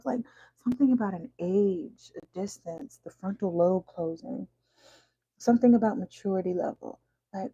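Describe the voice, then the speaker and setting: Woman reading tarot, slangy and preachy, husky gravelly voice, dull lo-fi recording. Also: mid-range voice, normal speed, dark tone, no room sound. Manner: preachy slangy talk, drops to whispers. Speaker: tarot reader. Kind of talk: casual tarot reading monologue.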